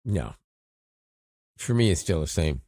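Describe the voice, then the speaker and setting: A middle-aged man from Toronto, co-hosting a podcast in casual, expressive chat with frequent restarts. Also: low voice, a little slow, dry recording, clean studio sound. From Toronto, Canada. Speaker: podcast co-host.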